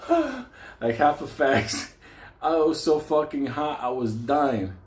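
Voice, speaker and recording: A man's voice: on the high side, takes it slowly. A man telling a comic personal story, swearing constantly and laughing often. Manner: profane, animated, laughs often. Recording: echoey room.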